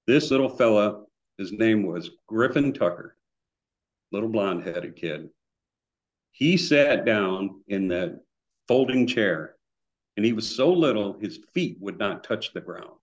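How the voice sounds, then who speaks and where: Guest, male, lower register, storyteller, muffled lo-fi mic. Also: measured pace. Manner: animated anecdotes with acted-out quotes. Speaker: guitar builder guest. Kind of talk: casual storytelling. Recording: dull lo-fi remote audio.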